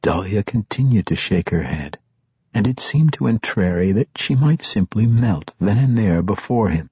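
Male narrator, husky, measured, close, dry sound, audiobook read. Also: fairly low pitch, dry recording. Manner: measured, steady reading. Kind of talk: scripted narration. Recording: dull, dry, muffled.

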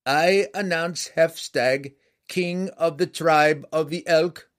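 A man voicing a proud young male herald who proclaims his king's titles in a loud, slow, formal voice. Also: on the high side, fairly even intonation, voice pushed up. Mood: proclaiming. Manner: proclaiming loudly, slow and ringing.

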